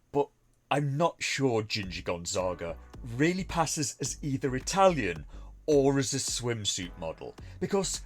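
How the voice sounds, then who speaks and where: A man reviewing a TV episode in a dry, sarcastic, mocking way. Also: mid-range voice.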